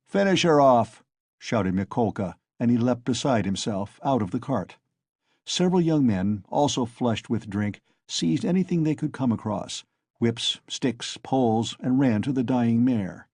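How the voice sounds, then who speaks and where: A man narrating an audiobook in a steady storytelling manner on a close mic. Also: medium pitch, a little slow, breathy edge, no echo. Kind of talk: scripted narration.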